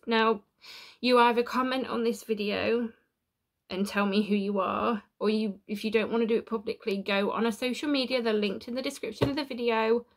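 A woman's voice: on the high side, fairly bright tone. A woman chatting through a home unboxing vlog, emotional and tearful, laughing at herself. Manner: chatty, self-deprecating, emotional. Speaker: YouTuber. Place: home room.

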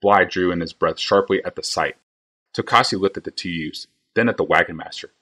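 Deep husky man reading a fantasy novel. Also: a little fast, sharp tone. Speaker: storyteller on a live stream.

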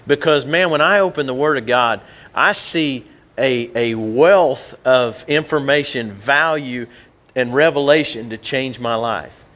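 A middle-aged man preaching a sermon as pastor, folksy and conversational, rising in pitch for emphasis. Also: measured pace, a bit bright.

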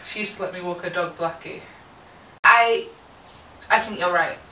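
A woman's voice: lowish voice, normal speed, pushed and bright. A woman hosting a podcast in casual chat, chatty and giggly, with plenty of likes. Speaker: podcast host. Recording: echoey room, mic at a distance, faint hiss.

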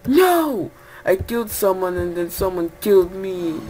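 A young woman chatting while playing a video game, lively and quick to yelp and protest. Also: fairly low pitch. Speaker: gamer. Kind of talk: casual gaming chat.

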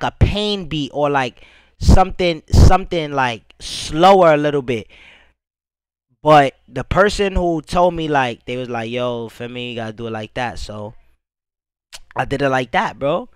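A man's voice: fairly high pitch, fairly bright tone, clear, resonant tone, no echo, poor audio. A young man reacting to his own music video, rambling in casual chat with lots of "bro" and "you feel me", swearing freely.

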